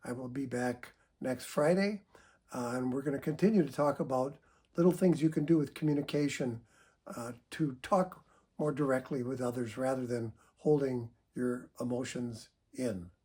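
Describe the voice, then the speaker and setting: A man speaking as a psychotherapist, giving calm, measured advice to viewers with frequent "uh" fillers. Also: medium pitch, breathy edge.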